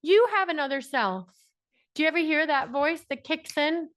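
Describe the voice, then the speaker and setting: A woman's voice: high voice, moderate pace, a bit bright, no echo, studio quality. An Irish woman giving an emphatic, repetitive motivational talk to a group on a coaching call, laughing often. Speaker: business coach.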